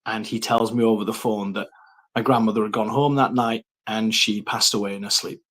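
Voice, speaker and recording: A man's voice: fairly low pitch, fairly even intonation, brisk, fairly bright tone. Earnest man recounting his life story. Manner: earnest, reflective storytelling with frequent ums. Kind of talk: personal faith testimony.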